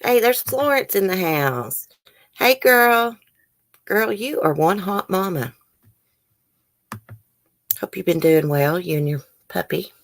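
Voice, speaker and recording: A woman's voice: lowish voice, lively intonation, slow, pauses often. A woman hosting a casual live stream, chatting with viewers and reading their comments aloud. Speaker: YouTube host.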